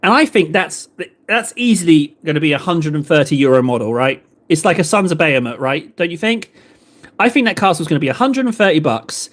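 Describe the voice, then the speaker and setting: An Englishman in his thirties paints miniatures on a livestream, chatting casually with viewers in a rambling, playful way and tossing out rhetorical questions. His voice is fairly high, animated, and a little fast.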